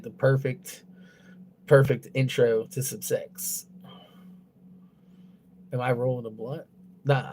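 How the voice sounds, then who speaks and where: A young man talks casually on a livestream at a middle pitch. He is crude and blunt, swears in nearly every sentence, and rambles with restarts. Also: darkish tone, slight background noise. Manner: loose, rambling delivery with restarts.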